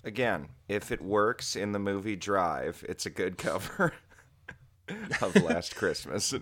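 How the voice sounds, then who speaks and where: A man's voice: sits low, expressive, takes it slowly, a bit bright, slight background noise. A man co-hosting a podcast, making wry jokes in casual chat. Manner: joking, wry. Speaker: podcast co-host.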